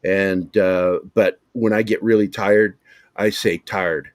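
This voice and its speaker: A man's voice: low voice, little pitch movement, measured pace, a little mellow, no room sound, clean studio sound. A man from Virginia with a Southern accent, a former soldier telling blunt, profane stories on a podcast panel. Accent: American Southern. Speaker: podcast panelist, army veteran. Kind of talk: casual storytelling.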